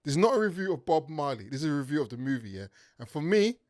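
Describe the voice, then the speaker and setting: A young man with a London accent hosting a comedic film review podcast, talking in an animated way and tagging sentences with "yeah". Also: a little high, fast. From Nigeria. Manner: animated, tag questions and "yeah" fillers. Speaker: podcast host.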